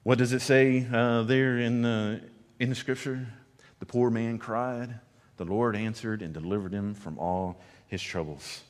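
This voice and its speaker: A man preaching a sermon as pastor, swinging between loud emphasis and hushed, low lines. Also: steady tone, unhurried, big-room sound. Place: church sanctuary.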